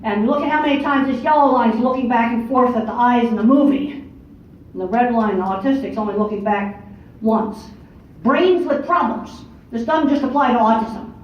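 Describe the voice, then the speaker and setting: Older woman, blunt and emphatic lecturer, high voice, distant in a big echoing hall. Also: moderate pace, a little hiss or hum. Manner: blunt, matter-of-fact, emphatic. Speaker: speaker giving a lecture. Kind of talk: conference talk. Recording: far-off echoey hall, dull lo-fi audio.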